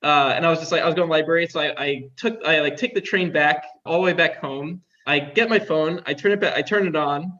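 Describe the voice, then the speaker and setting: A young man, appearing as an interview guest, tells stories in a chatty, casual way and leans heavily on "like" and other filler words. His voice is fairly high and sharp, and he talks quickly with few pauses. The recording sounds dull and lo-fi.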